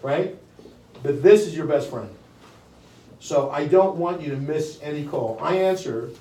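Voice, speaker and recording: A man's voice: on the high side, a little slow, warm tone. An older man leading a live sales training, brash and blunt, with frequent profanity. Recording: echoey room, distant mic.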